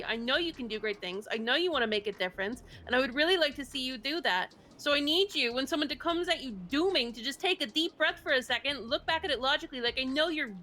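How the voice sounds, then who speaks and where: A woman's voice: high-pitched, expressive, fast, few pauses, sharp tone. A woman in an in-character roleplay phone call, scolding bluntly and swearing freely. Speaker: roleplay character from the mayor's office.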